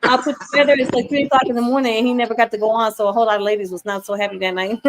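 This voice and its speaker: A woman's voice: fairly high pitch, fairly even intonation, rapid-fire, a crowd in the background. A woman from Buffalo hosting a casual chat, with a mixed Southern and New York accent, rambling loosely with lots of "you know what I mean.". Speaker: host.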